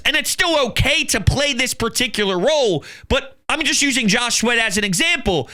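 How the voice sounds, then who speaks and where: A man's voice: very high voice, bright, forceful tone. A man with a Philadelphia accent hosting a sports podcast, talking in a hyped, emphatic way. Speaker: podcast host. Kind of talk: excited sports talk.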